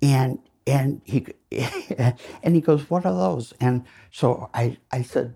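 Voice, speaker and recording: A man's voice: mid-range voice, takes it slowly, warm tone, slightly rough. An older man giving a lecture, telling rambling, self-deprecating anecdotes full of fillers. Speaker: lecture speaker. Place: lecture hall.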